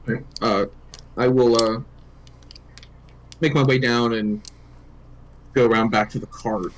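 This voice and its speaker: A man's voice: medium pitch, steady tone, a little slow. Man player over a noisy mic. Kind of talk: tabletop role-play.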